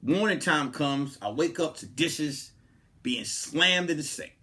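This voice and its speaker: A man hosting a comedy podcast, telling a story in a casual, animated way and swinging from hushed asides to loud, laughing outbursts. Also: on the high side, takes it slowly. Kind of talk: comic storytelling.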